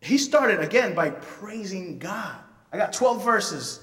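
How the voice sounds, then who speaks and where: A man preaching a sermon, telling a story in an animated way with playful asides. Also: high-pitched, slow, recorded from a distance. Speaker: pastor. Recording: reverberant hall from off-mic.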